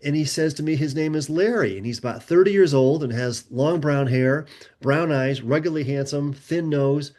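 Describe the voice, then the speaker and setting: A middle-aged man, a guest author on a podcast, telling personal stories in a lively conversational way and recounting dialogue as he goes. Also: on the high side, moderate pace. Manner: animated storyteller, recounts conversations in a lively back-and-forth. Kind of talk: conversational storytelling.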